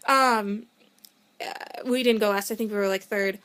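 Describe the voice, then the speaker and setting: A young woman telling a story in a casual vlog, excitable and rambling, often cutting herself off to start over. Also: medium pitch, normal speed. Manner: excitable, rambling, self-interrupting; gushing fan enthusiasm. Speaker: vlogger.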